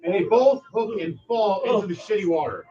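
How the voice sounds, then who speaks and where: A man narrating as game master for a tabletop game, dramatic and animated. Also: high-pitched, a little fast, dull audio.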